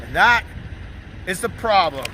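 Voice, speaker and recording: A man being interviewed, telling an animated and mocking story with lots of emphasis. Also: high voice, a little slow, noisy background.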